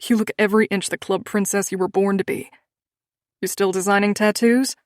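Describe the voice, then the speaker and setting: A cocky male biker, as a woman audiobook narrator voices him who teases and swears with easy familiarity. The voice stays near a woman's mid pitch. The recording is dry and close. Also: fairly even intonation, brisk, no echo, lightly acted. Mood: teasing. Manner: teasing, casual swearing.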